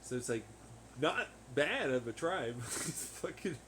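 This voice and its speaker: A man hosting a podcast in a rambling, casual monologue, swearing freely, laughing often and getting loud when excited. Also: medium pitch, slow, slight background noise. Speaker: podcast host. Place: at home on laundry day.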